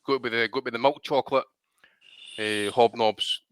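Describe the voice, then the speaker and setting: A man's voice: mid-range voice, fairly even intonation, normal speed, a bit bright, clear, resonant tone, no echo. A man co-hosting a podcast, bantering casually with lots of swearing, laughing, and "mate" and "aye". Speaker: podcast co-host.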